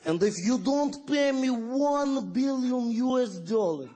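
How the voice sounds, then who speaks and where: A man doing a slow, grandiose Russian-accented villain. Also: very high voice, animated, mellow, exaggerated voice. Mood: gloating. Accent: Russian (put on). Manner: slow, theatrical announcement. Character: grandiose male Russian villain making demands.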